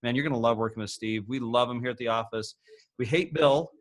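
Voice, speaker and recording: A man's voice: medium pitch, little pitch movement, fast talker, a bit bright. Upbeat man hosting a casual interview. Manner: upbeat and promotional. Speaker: host.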